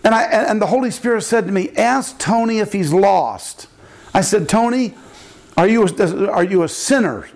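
An older man, a pastor, telling a story in a sermon and acting out the people in it with big jumps in his voice. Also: moderate pace. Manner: animated preaching, acting out quotes with big pitch jumps.

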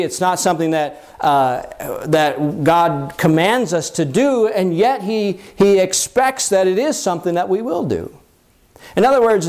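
Man, pastor, sermon, earnest, slightly high voice, restarts and fillers. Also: a little mellow. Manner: rises in pitch when quoting scripture.

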